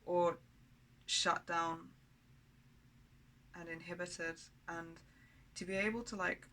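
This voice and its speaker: A woman's voice: lowish voice, fairly even intonation, takes it slowly, bright, forceful tone, a little hiss or hum, rough recording. A woman talking candidly in a personal video diary, blunt and rambling, with frequent swearing. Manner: rambling, with many fillers and restarts. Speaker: vlogger.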